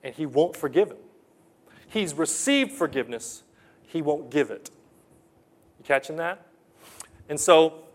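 A man's voice: a little high, animated, unhurried, pauses often, fairly bright tone. A male pastor preaching a sermon in an earnest way, often putting questions to the congregation and repeating key phrases.

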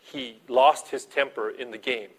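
A man preaching a sermon as a pastor, animated, swinging between soft asides and loud emphasis. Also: medium pitch, unhurried, vocal fry, husky.

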